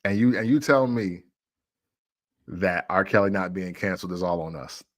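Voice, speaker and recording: A man's voice: sits low, normal speed. A man hosting a casual music talk show, arguing playfully and laughing often.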